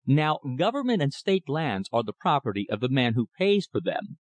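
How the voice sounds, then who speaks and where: A male audiobook narrator with a mid-pitched voice that moves through a lively range. The reading is measured and expressive, recorded dry and close with no room sound. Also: no echo. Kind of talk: scripted narration.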